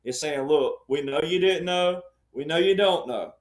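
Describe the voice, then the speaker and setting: A man's voice: fairly high pitch, moderate pace, reverberant. A man speaking as a panel guest, explaining his point emphatically and repeating key ideas like a lecturer.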